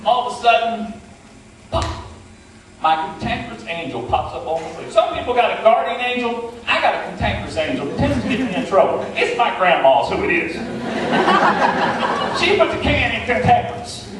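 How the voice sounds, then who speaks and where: Lively West Virginian storyteller on stage. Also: male voice, extremely high pitch, moderate pace, crowd noise. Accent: West Virginian Appalachian. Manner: folksy and playful, self-deprecating. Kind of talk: humorous live tall-tale storytelling. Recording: echoey hall, mic from far off.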